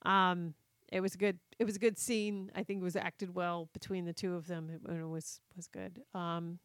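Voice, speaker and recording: A woman co-hosting a casual movie podcast, relaxed and hesitant, pausing with ums as she thinks. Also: fairly low pitch, clean tone, no echo, studio quality. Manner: relaxed, hesitant, quick to laugh. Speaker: podcast co-host.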